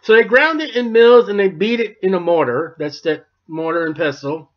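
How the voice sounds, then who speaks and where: A male pastor gives an expository sermon, offering folksy, wry commentary on the Bible. His high voice moves at a moderate pace with hardly any pauses. The recording is dull and lo-fi.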